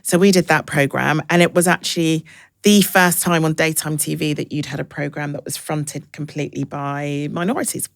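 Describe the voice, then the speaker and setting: A woman in her forties, a broadcaster guest in an interview, talking frankly and telling lively stories. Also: sits low, moderate pace, gravelly, no room sound, studio quality. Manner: frank, anecdotal, lively storytelling. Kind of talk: casual interview chat.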